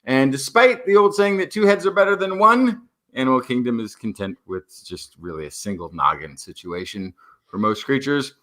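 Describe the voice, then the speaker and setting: A man's voice: medium pitch, normal speed. A man co-hosting a science podcast, joking and chatty, with many fillers. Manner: animated, jokey, many fillers. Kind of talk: casual science podcast talk.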